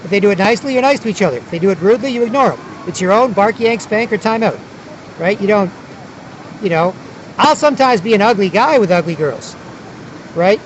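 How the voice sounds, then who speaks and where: High-voiced man rambling outdoors. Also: animated, brisk, slight background noise, rough recording. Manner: rambling and repetitive, with many restarts. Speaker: vlogger. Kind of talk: casual outdoor monologue. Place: outdoors at a big city square by the water.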